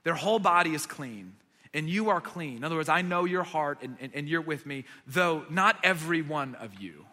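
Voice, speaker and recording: Bright-voiced preacher in a reverberant hall. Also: male voice, on the high side, expressive, moderate pace. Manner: dramatic retelling, swings from loud to hushed. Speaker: pastor. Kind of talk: sermon.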